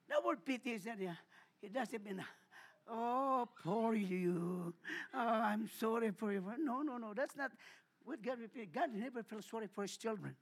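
A man preaching a sermon in church, repeating hallelujah between phrases and swinging from hushed asides to shouted calls. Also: very high voice, slightly rough. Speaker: pastor.

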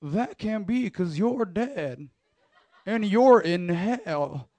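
A man imitating a stern male college professor who speaks slowly. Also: sits high, lively intonation, mellow, no echo, heavily acted. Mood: scolding.

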